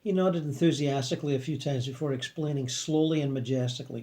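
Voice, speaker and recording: Man reading a story in a mellow voice. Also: mid-range voice, fast, hardly any pauses. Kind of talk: scripted first-person narration.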